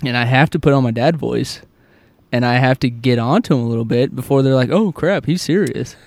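A man's voice: mid-range voice, fairly even intonation, darkish tone, dry recording. Easygoing man agreeing in casual chat. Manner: easygoing, lots of quick agreement. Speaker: podcast co-host. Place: back patio outdoors by a fire.

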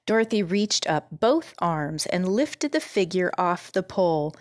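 A woman narrating a children's book in a calm, measured reading voice. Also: on the low side, dry recording, studio quality. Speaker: storyteller.

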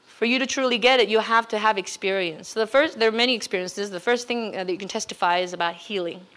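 A woman's voice: medium pitch, quick pace, fairly bright tone. A woman pastor giving a sermon in a conversational way, building to emphatic exhortation.

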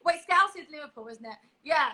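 A woman's voice: sits high, lively intonation, brisk, sharp tone, low-quality recording. A young English woman chatting as a podcast guest, giggly and a little scattered as she jumps between stories. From England. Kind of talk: casual chat.

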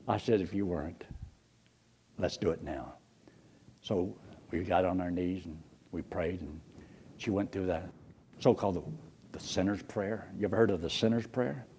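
An older man, preaching a folksy storytelling sermon, his husky voice leaping high when excited and dropping low to quote others. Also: slight background noise.

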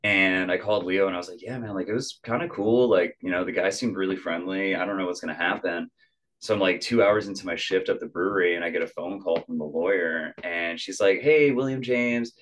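A man's voice: low-pitched, fairly quick. A young adult man, a musician guest on a podcast, telling a story in casual chat, acting out quotes with lots of "like" fillers. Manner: animated, acts out quotes, many "like" fillers.

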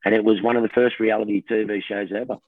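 A middle-aged Australian man, a television host, telling stories in a lively casual chat and laughing often. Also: fairly low pitch, fast, dry recording. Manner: animated storyteller, laughs often, says mate. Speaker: TV host guest. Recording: tinny phone line, dry.

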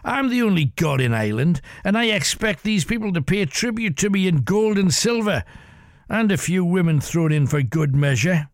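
A man's voice: sits high, animated, moderate pace, dry recording, clean studio sound, pitched above the performer's own voice. Man putting on a sneering tiny old pirate. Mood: mocking. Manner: boastful, sneering. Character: tiny old male pirate, mocking and brutal.

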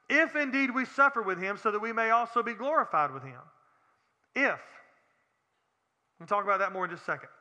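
A man delivers a sermon in an earnest, plain-spoken way, often turning to the congregation with direct questions. His voice sits high and rings very bright. A long hall reverb trails behind his words. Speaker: pastor.

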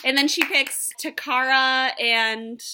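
A woman's voice: high voice, steady tone, slow, pushed and bright. A woman co-hosting a podcast, casually recapping a reality show episode in a loose chatty run. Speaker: podcast co-host.

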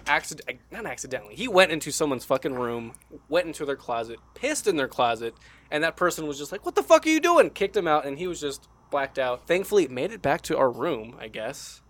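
A man's voice: fairly high pitch, expressive, fairly quick, a bit bright. A young man, a podcast host, telling a crude college story in casual, laid-back chat.

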